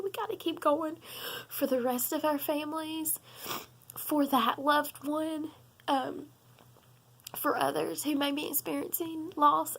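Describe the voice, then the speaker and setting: A young woman speaks straight to her viewers in a confessional vlog, her voice high and catching with gravelly fry. She is tearful and sobbing, and she stops often with ums and halting restarts. She keeps speaking earnestly through the tears. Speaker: vlogger.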